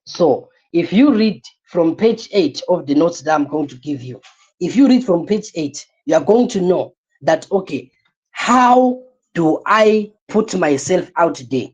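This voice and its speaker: A woman's voice: fairly low pitch, animated, measured pace, a little mellow, husky, highs cut off. A woman teaching an online class, lecturing with energy, repeating her points and asking the listeners rhetorical questions.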